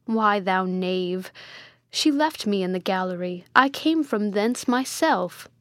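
A woman voicing an imperious, quick-tempered prince in a storybook reading, with stern and commanding delivery. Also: medium pitch, lively intonation, no echo. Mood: angry. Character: imperious hot-tempered male prince, middle-aged tyrant.

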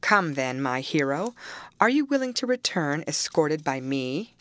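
Reading an audiobook at a measured pace, a woman with a deep, very animated voice plays a harsh, mocking middle-aged male landowner. She voices his scorn with restrained ferocity.

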